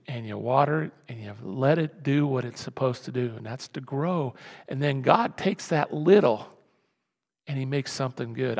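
Casting: high-voiced male pastor, gravelly edge, sermon moving from hushed to loud, long church reverb. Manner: swings from low murmurs to loud exhortation.

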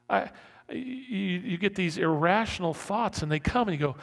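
A man's voice: high-pitched, expressive, moderate pace, gravelly. A man preaching a conversational sermon as a pastor, repeating and restarting his words and acting out panicked inner voices. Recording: long hall reverb.

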